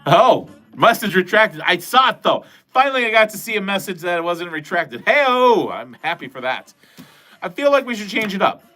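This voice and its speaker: A man's voice: sits high, sing-song, fairly quick, bright, forceful tone. Rambling, profane livestream host man. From New England. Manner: rambling, profane, jokey, talks to chat. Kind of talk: casual livestream chat. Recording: faint music behind.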